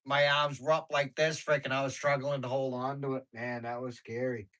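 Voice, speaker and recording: Bright-voiced man rambling on a livestream. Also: medium pitch, flat delivery, moderate pace, rough recording. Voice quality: informal slangy speech. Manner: rambling, storytelling, laughs often. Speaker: livestream host. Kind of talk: casual chat with viewers.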